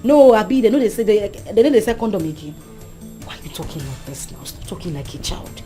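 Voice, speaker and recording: A woman playing a smooth-talking Nigerian student. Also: mid-range voice, animated, brisk, warm tone, soft background music, natural voice. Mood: soothing. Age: young adult. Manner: coaxing, persuasive, mixes Pidgin. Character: scheming young female student, smooth-talking, pragmatic. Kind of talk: Nollywood-style skit acting.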